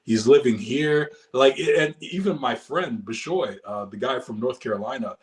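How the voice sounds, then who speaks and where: An American man chatting casually about a trip, relaxed and animated as he tells stories. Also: normal speed. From United States. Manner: animated, acts out quoted people in a high voice. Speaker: guest telling travel stories. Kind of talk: casual storytelling chat.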